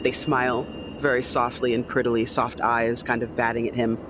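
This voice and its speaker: A man's voice: mid-range voice, flat delivery, moderate pace, background noise. A man playing a tabletop game, casually describing his character's actions with hesitations. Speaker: player.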